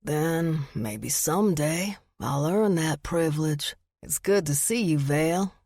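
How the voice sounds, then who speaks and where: Lady doing a deep southern guy, charming and flirty, slow drawl, dry close sound. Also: lively intonation, a little mellow, no echo, full character voice. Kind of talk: audiobook narration.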